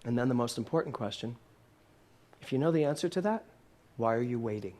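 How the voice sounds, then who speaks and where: A man in his sixties, a minister, preaches a little fast in a medium-pitched, darkish voice with lively intonation. He engages the congregation in a church hall with frequent questions and jokes, laughing playfully at times.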